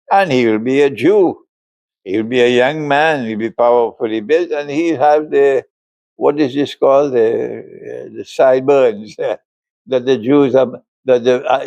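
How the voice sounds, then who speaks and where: A man's voice: on the high side, vocal fry, a little mellow, no echo. An older man, an Islamic scholar, giving an emphatic religious lecture and laughing often as he speaks.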